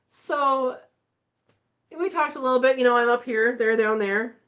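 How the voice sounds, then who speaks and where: A woman hosting a live chat, telling a story in a casual, animated way and acting out the voices. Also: fairly high pitch, dull audio. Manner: animated, acts out voices in her stories. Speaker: channel host.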